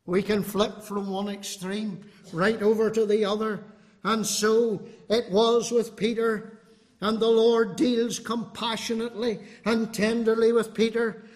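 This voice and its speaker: A man's voice: sits high, little pitch movement, unhurried, a little mellow. A man preaching a fervent, emphatic sermon to a congregation. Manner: fervent, emphatic, appealing to the listener. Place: congregation hall. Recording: long hall reverb.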